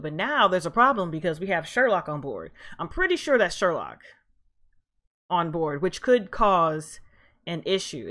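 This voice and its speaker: A woman talks through an anime episode in loose, profane slang, blunt and quick to react. Her voice sits a little low for a woman. It is casual reaction commentary. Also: fairly bright tone.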